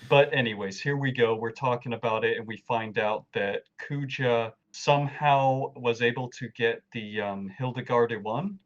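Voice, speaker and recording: A man's voice: medium pitch, steady tone, moderate pace, hardly any pauses, highs cut off. A man co-hosting a casual gaming podcast, recapping story scenes in an easygoing, agreeable way and laughing along readily. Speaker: podcast co-host. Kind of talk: casual game walkthrough chat.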